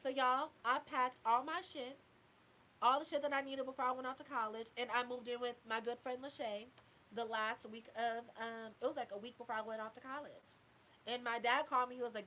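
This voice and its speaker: High bright-voiced woman telling stories. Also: fairly even intonation, a little fast, slight background noise, rough recording. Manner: candid, profane, addresses listeners as y'all. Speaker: host. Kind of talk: casual storytelling.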